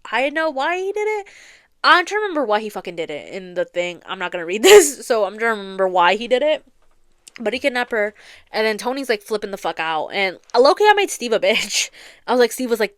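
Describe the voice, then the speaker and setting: A woman's voice: medium pitch, clean tone, no room sound, studio quality. A young woman hosting a podcast, retelling a story in a rambling, casual way, full of filler words and swearing. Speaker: podcast host. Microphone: close studio mic, audio only.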